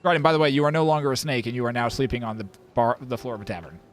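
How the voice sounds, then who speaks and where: A man's voice: medium pitch, rapid-fire. A young man running a tabletop game as dungeon master, describing scenes with many fillers and restarts.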